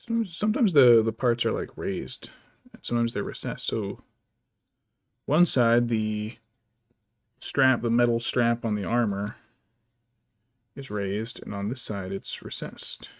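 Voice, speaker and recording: A man's voice: mid-range voice, expressive, measured pace, long pauses, no room sound. A man streaming as a vtuber, chatting casually and muttering to himself while he paints miniatures. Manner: rambling, mutters to himself, baby-talks his cat. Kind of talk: casual chat while working.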